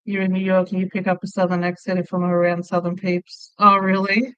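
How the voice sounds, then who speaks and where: A woman's voice: fairly low pitch, monotone, a little fast, fairly bright tone, clear, resonant tone, no room sound, muffled recording. Chatty Australian woman hosting a livestream. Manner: chatty, laughs often, tells stories. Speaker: crochet livestream host. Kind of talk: casual live chat reading viewer comments.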